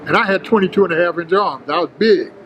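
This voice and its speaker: An older man tells his story in a casual interview, his voice sitting high. He is animated and slangy, acting out the voices of the people in it. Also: quick pace, lo-fi sound, slight background noise. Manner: animated storyteller, acts out quotes, street slang. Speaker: interview guest, former bodybuilder.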